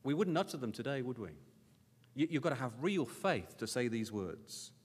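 A man preaching a sermon as a Bible school teacher, earnestly urging his listeners with repeated questions, moving between hushed low scripture reading and raised emphatic exhortation. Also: very animated, normal speed, husky. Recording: hall with long reverb.

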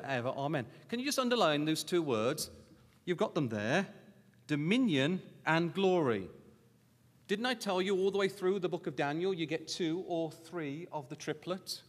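Preaching a sermon at a Bible school, a man uses a high, lively voice that jumps between registers. He pushes his audience with repeated questions, sinks to a hushed, low tone for scripture reading, then rises into emphatic urging. A long reverb carries his words through the large lecture hall.

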